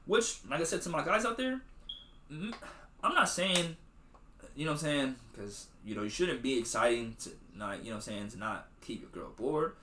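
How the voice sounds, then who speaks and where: A man's voice: mid-range voice, lively intonation, moderate pace, pushed and bright, roomy sound. A man hosting a podcast, recapping a movie in loose slangy chat full of swearing and acted-out quotes. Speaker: podcast host.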